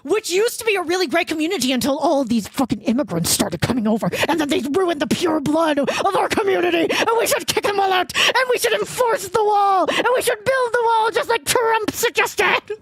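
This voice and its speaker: A woman's voice: very high voice, animated, fairly quick, few pauses, pitched above the performer's own voice. A woman voicing a bigoted funeral preacher who begins solemnly and slides into a rant.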